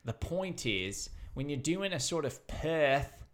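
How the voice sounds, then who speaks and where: A man hosting a casual comedy chat, swearing freely and explaining with animated emphasis. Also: a little high, unhurried.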